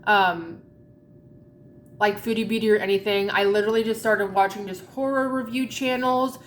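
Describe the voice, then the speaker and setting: A woman's voice: medium pitch, steady tone, normal speed, a bit bright, reverberant, a little hiss or hum. A woman vlogger chatting casually while eating, rambling and candid with a lot of swearing.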